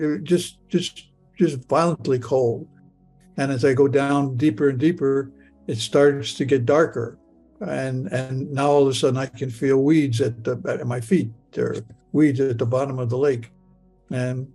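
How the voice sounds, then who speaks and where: An older man telling his own story in a halting, stammering way, with frequent restarts. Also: mid-range voice, a little mellow. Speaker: storyteller recounting a near-death experience. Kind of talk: personal storytelling.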